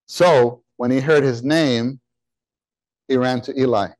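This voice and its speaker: A male preacher delivers an animated, conversational sermon, often putting questions to his listeners. He swings between emphatic, almost shouted words and soft, hushed asides, and his voice sits at a middling pitch. The sound is close and dry, with no room echo. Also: slow pace. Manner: animated, rising to near-shouts on key words; drops into soft, quiet asides when quoting God.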